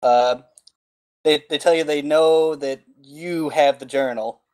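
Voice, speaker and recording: A man's voice: fairly high pitch, steady tone, slow, darkish tone, clean tone. A man narrating as game master of a tabletop game, laid-back and full of fillers. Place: home, over an online voice call.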